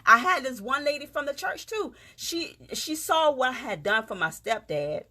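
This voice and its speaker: Gullah Geechee woman, lively encouraging talk. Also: sits high, measured pace, few pauses. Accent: Gullah Geechee, South Carolina Lowcountry. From South Carolina, USA. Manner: heartfelt, folksy, talks straight to viewers with "y'all". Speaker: vlogger, motivational speaker. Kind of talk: casual encouraging monologue.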